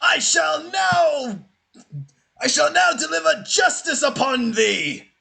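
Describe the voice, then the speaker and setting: A man's voice: animated, slow pace, gravelly, heavily acted. A man voicing an angry bearded Viking king who bellows in old-fashioned speech. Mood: booming. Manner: booming, archaic, shouting.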